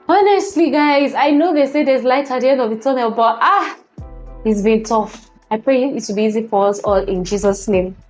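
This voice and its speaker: Nigerian woman, 30s, chatty vlogger reading tweets, high-pitched, faint background music. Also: moderate pace. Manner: laughs often, lively and chatty. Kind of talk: casual commentary reading tweets.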